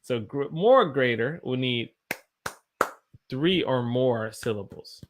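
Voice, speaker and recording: A man's voice: medium pitch, animated, slow pace. A man from the United States teaching English on a live stream, tired after a long day and encouraging as he reads out viewer sentences and corrects them.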